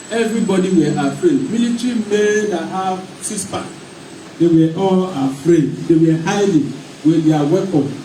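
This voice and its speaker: A pastor with a Nigerian accent preaches a sermon in a rhythmic call-and-response style. His voice sits high and is a little mellow, and the church hall recording is echoey, with the mic far off and faint noise.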